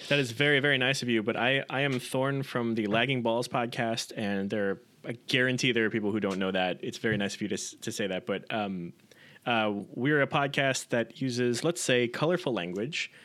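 A man appearing as a guest on a podcast, relaxed and self-deprecating in casual chat. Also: medium pitch, moderate pace.

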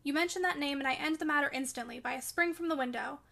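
A woman's voice: high-pitched, quick pace, vocal fry, bright, forceful tone, heavily acted. A woman reading as a feverish, passionate young woman, raving and fierce in a storybook reading.

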